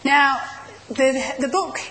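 Slow, patient woman teaching. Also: high-pitched, a bit bright, slight background noise, low-quality recording. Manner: slow, patient, explaining and prompting readers. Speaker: Bible class teacher. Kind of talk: teaching a Bible study class.

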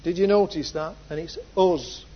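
A man preaching a sermon, moving from soft reflective passages to loud, emphatic repeated phrases. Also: a little high, moderate pace. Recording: dull lo-fi sound.

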